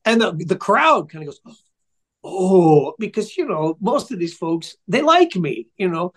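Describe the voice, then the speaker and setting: Older high-voiced chatty storyteller man. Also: sing-song, unhurried. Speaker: guest musician. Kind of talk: casual interview storytelling.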